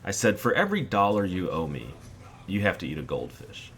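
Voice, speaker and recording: Over gameplay, a man in his forties hosting a gaming channel tells a rambling personal anecdote and acts out the quotes. His voice sits low, sing-song and fairly quick with a touch of brightness, and there's slight background noise.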